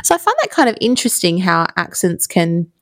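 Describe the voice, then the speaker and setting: A woman's voice: fairly low pitch, sing-song, a little fast, fairly bright tone, dry recording. A woman in her thirties with an Australian accent, hosting a podcast in casual, rambling solo storytelling full of fillers. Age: 30s. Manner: chatty, rambling, many fillers. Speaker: podcast host.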